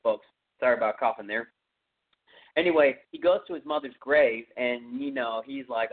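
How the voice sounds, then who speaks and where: Rambling Texan man on a tinny line. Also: medium pitch. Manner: rambling, filler-heavy retelling. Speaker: podcast host. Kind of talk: casual movie recap. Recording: tinny phone-like audio.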